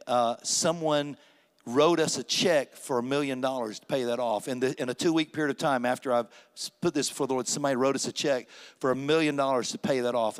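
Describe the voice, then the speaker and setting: An older man, a pastor, preaching a sermon as a personal story and acting out the dialogue with rising, emphatic peaks. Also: medium pitch. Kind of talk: sermon testimony. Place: church sanctuary.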